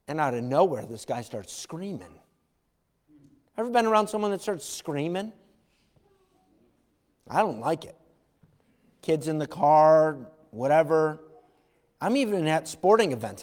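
Pastor guy preaching, kinda high voice, acts out the voices, shouts sometimes, big hall echo. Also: measured pace, long pauses. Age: adult parent. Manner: animated, acts out quoted voices, shouts for emphasis. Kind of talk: sermon. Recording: long hall reverb.

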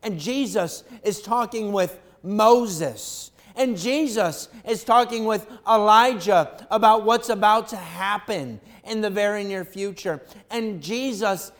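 A male pastor preaching an animated sermon, swinging from quiet reflection to loud excitement. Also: high-pitched.

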